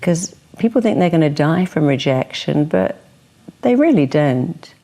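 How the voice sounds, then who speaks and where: A woman with a very low speaking voice gives motivational advice in an interview. She talks in a lively way and acts out the voices of the people she quotes. Her tone is that of a therapist sharing lessons. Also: measured pace, vocal fry, a little hiss or hum.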